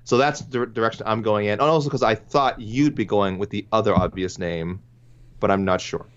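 A man's voice: fairly low pitch, brisk. A man co-hosting a casual MMA talk show, rambling and thinking aloud with many restarts. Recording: dull lo-fi sound.

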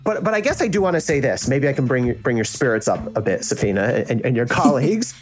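South Jersey man, former prosecutor, blunt and animated, lively delivery. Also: medium pitch, quick pace, soft background music. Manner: frank, animated, acts out quoted reactions. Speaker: legal analyst and former prosecutor. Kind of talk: casual interview.

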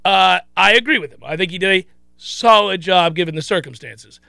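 A man's voice: high-pitched, expressive, a little fast, vocal fry, pushed and bright, clear, resonant tone, no room sound. A man hosting a sports talk show, chatting animatedly about his team and often restarting his sentences. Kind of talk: casual sports talk commentary.

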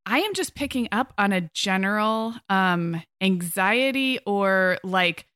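A woman's voice: medium pitch, animated, takes it slowly, a bit bright, clean tone, dry recording, studio quality. A middle-aged woman co-hosting a parenting podcast, chatting casually and thinking aloud with fillers. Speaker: podcast co-host.

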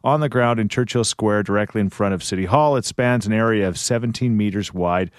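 A man hosting a morning radio show, running through news and chatting in an easygoing way with frequent filler pauses. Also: fairly low pitch, no echo, studio quality. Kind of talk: casual radio banter and news rundown.

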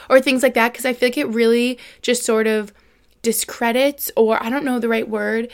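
A woman's voice: on the high side, fairly even intonation, normal speed. A young adult woman hosting her own podcast, talking in a rambling, upbeat way full of fillers. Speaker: podcast host. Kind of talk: casual solo podcast chat.

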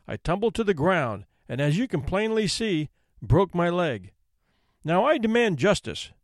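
A man's voice: high-pitched, sing-song, unhurried, no echo, clean studio sound, exaggerated voice. A man voicing a smug, limping thief who brazenly complains to a judge in a storybook reading. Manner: brazen, self-pitying complaint. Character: smug limping male thief demanding justice.

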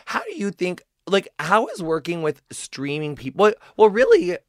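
A man hosting a podcast in casual chat, gushing and rambling with quick asides. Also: sits high, wildly swooping pitch, no echo, studio quality. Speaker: podcast host.

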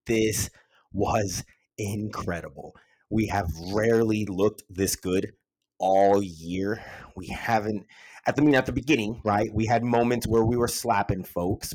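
A man co-hosting a football podcast, hoarse from yelling, swearing and arguing excitedly about his team's win. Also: lowish voice, unhurried, low-quality recording. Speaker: podcast co-host, City fan. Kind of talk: heated casual football debate.

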